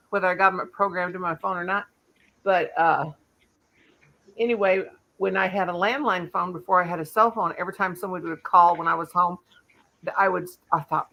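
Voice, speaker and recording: A woman's voice: lowish voice, fairly bright tone, poor audio. An older woman chatting casually on a live stream, rambling with easy laughs.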